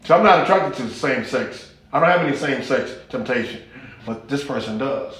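Animated preacher man, lively pitch. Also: fairly quick, very echoey. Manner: animated, folksy and humorous, with rising exclamations. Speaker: pastor. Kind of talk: sermon.

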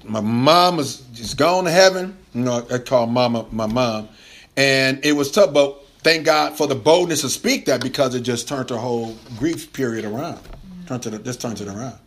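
At normal speed and medium pitch, a male pastor delivers an animated, informal sermon, breaking into laughter frequently and restarting phrases many times.

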